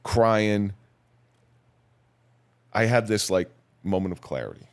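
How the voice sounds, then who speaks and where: Brief: middle-aged man, very low voice, measured and somber storytelling, plain-spoken guest. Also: animated, clean tone. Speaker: podcast guest, police officer. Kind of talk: personal storytelling in a podcast interview.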